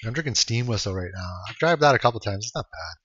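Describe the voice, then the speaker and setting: A man's voice: fairly low pitch, animated, fast, a bit bright, husky. A young man from Canada chatting casually with his live-stream audience, laid-back and swearing freely as he chuckles through replies. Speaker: game streamer. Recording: dull lo-fi stream audio.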